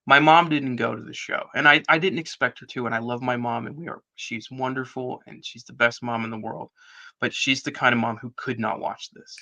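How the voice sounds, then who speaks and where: A man's voice: mid-range voice, a little fast. A middle-aged man as a podcast guest, telling a long story with lots of acted-out dialogue. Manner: animated storyteller, acts out quoted dialogue. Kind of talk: casual storytelling interview.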